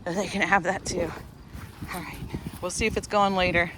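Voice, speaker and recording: There's background noise as a middle-aged woman with a fairly low, fairly even voice chats at a moderate pace. She's a lifestyle vlogger working at a storage unit, talking to viewers in a rambling, self-correcting way.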